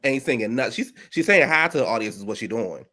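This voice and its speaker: Man, sassy, joking, cursing, casual chat, mid-pitched voice. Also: expressive, fast talker, pushed and bright. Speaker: co-host.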